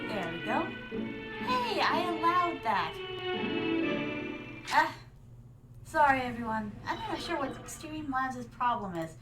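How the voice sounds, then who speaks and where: A woman's voice: sits high, sing-song, slow, long pauses, over loud music. A woman streamer reacting live in a theatrical, regal manner, calling her viewers "my darlings" and dropping Japanese fillers. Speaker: vtuber streamer.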